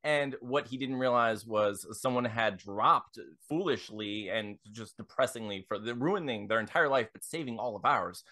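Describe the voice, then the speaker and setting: A man's voice: mid-range voice, normal speed, hardly any pauses, bright, forceful tone. A man on a tabletop game podcast improvising a silly ad story, hesitant and full of ums and you knows. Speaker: podcast cast member.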